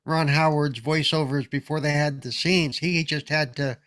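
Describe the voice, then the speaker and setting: Male panelist, somewhat high voice, light and jokey. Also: fairly even intonation, moderate pace, fairly bright tone. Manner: joking, laughs easily. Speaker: podcast panelist. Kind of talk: casual chat.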